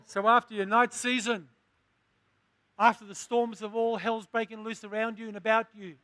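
High-voiced preacher, slow and bright. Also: male voice, no room sound. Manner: call-and-response preaching, rising to emphatic. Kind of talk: sermon.

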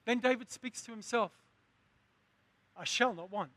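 A man's voice: very high voice, a little slow, bright, forceful tone, dry recording. A man preaching a sermon, asking the congregation questions and building to emphatic lines. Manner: call-and-response preaching, rising to emphatic.

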